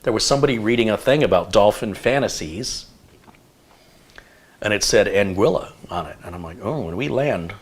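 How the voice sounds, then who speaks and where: A man from the United States with a fairly low voice hosts a relaxed live stream. He drifts from one anecdote to the next in easy, unhurried chat. He reads viewer messages in the same loose, conversational way. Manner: rambling anecdotal storyteller. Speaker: host of a live tech stream.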